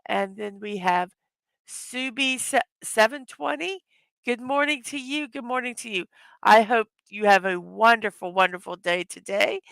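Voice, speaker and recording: A tired, hoarse woman hosting a casual morning livestream, greeting her chat viewers one by one. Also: a little high, a bit bright, dry recording. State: tired from little sleep. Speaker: livestream host.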